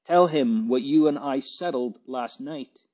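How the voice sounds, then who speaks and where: A man voicing an excitable, warm-hearted landlady, emphatic and near tears, on a dull lo-fi recording. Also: medium pitch, measured pace, close to an everyday voice. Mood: fervent.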